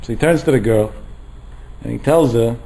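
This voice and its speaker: A man giving a Torah lecture as a rabbi, telling a story in an animated way and mixing Hebrew terms into his English. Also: mid-range voice, normal speed, creaky, rough recording.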